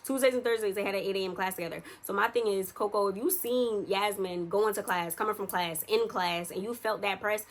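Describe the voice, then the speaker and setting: A young woman in the middle of a casual storytime, her voice sitting at an ordinary pitch. She chats loosely and talks straight to her viewers, with plenty of slang. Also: brisk, hardly any pauses. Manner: chatty, addresses viewers directly, slangy. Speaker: vlogger telling a story.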